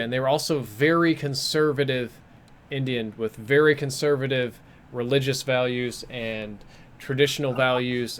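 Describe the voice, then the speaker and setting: A man streams a game and rambles through a long story in a crude, self-mocking way. His voice sits at an ordinary pitch for a man. A faint noise hums behind his headset mic. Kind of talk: casual storytelling while gaming.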